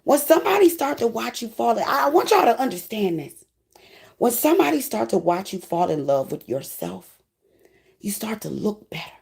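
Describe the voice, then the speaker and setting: A woman's voice: a little high, big pitch swings, normal speed, gravelly, darkish tone, slightly rough. A woman giving an emotional, preachy spiritual tarot reading, close to tears. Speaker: tarot reader.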